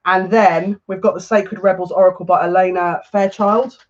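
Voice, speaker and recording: A woman doing a chatty live tarot reading who is excitable and gushing and often restarts her sentences. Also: fairly low pitch, normal speed, dull audio. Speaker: psychic tarot reader.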